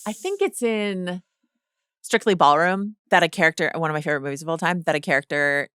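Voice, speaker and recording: A woman's voice: fairly low pitch, animated, a little fast, a bit bright, smooth, dry recording, studio quality. A woman co-hosting a podcast in casual chat, who keeps acting out characters' lines as she talks. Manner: chatty, acts out characters' lines mid-sentence. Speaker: podcast co-host.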